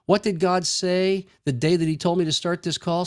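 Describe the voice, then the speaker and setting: A man preaching a sermon with a fairly high voice. He jokes with his listeners and acts out casual street conversations in a folksy way. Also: steady tone, moderate pace, darkish tone. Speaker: pastor.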